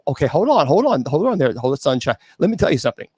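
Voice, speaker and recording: A man's voice: fairly high pitch, big pitch swings, very fast, a little mellow, breathy edge, dry recording, studio quality. Teasing Southern man hosting a call-in show. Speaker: host. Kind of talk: casual phone-in chat, quizzing a caller.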